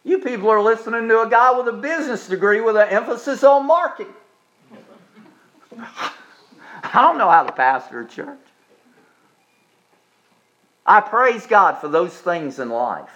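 A man, preaching a sermon in a folksy, joking way and slowing down to repeat his key points with emphasis. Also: on the high side, a bit bright, poor audio. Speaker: pastor.

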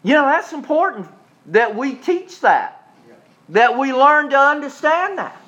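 A man, preaching a sermon in a folksy, joking way and slowing down to repeat his key points with emphasis. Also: very high voice, big pitch swings, pushed and bright, muffled recording. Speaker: pastor.

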